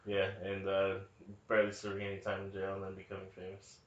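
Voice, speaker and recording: A man's voice: deep voice, monotone, fast. Sardonic man in an echoey room. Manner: sardonic, swears casually. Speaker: podcast co-host. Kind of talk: casual movie review chat. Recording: echoey room, dull lo-fi sound.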